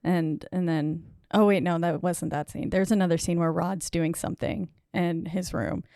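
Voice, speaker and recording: Woman, podcast co-host, casual movie recap, chatty, smooth voice, dry sound. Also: on the low side, steady tone, normal speed, mellow, dry recording. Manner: chatty, retells scenes with lots of "like".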